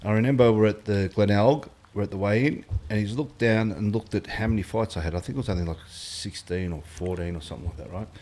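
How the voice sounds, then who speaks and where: A middle-aged Australian man with a fairly low voice tells fight stories in a blunt, sweary way. He drops into quoted lines as he goes, and the chat stays relaxed and unscripted. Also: quick pace, few pauses. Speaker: guest, former fighter. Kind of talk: casual podcast chat.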